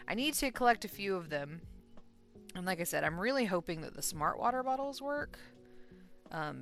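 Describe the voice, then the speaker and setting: This crochet streamer is a tired young woman whose voice sits low and gravelly. She chats casually on her livestream, rambling, laughing often, and trailing off with ums.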